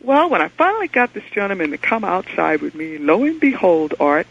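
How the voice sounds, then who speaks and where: A man phones in to a radio show and tells his story earnestly, getting excited as he goes. His voice sits fairly high and sounds a little husky. The phone line dulls it, leaving it muffled and low-fi. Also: brisk. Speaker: caller. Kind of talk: call-in storytelling. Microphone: telephone.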